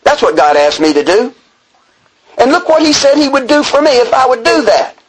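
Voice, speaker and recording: A man's voice: very high voice, lively intonation, normal speed, slightly rough, poor audio. A man from Texas speaking at a recovery meeting. He preaches earnestly, reading a passage and then explaining it, with self-deprecating asides. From Texas, USA. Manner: self-deprecating humor with chuckles. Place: meeting room before a group.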